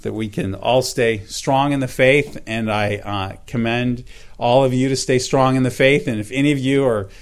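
A middle-aged man giving a personal church testimony, earnest and halting, with many fillers and repeated words. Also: medium pitch. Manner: reads scripture aloud in old-fashioned wording.

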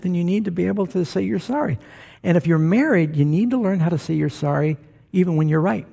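Male pastor, sermon in church, warm mellow tone, gravelly edge, folksy and joking. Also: on the high side. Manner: folksy, joking preacher who asks the crowd for responses. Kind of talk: sermon to a congregation. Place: church before a live congregation.

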